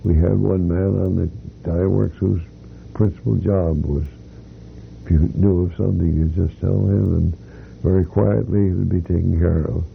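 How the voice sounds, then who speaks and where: For an oral history, a retired company employee, an older man, recounts his working years slowly and flatly, rambling and circling back with restarts and fillers. His very low voice has a gravelly rasp, and the recording sounds tinny and phone-like with faint hiss.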